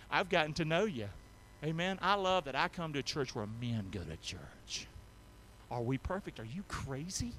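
Male pastor, bright tone, high pitch, emphatic call-and-response preacher who moves between quiet asides and shouting. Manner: call-and-response preaching, asks congregation to repeat; emphatic, swings from soft to shouting. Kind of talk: sermon. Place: church sanctuary.

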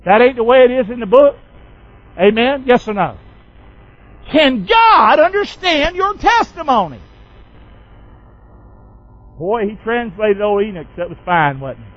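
A man's voice: very high-pitched, expressive, a little slow, long pauses, fairly bright tone, no room sound, highs cut off. A man pastor preaching a sermon in a folksy, call-and-response way, firing questions at the congregation.

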